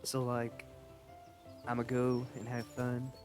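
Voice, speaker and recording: A man's voice: mid-range voice, completely flat delivery, slow, music in the background. A young man chatting casually through a game live stream, rambling and playful, reading the game's dialogue aloud.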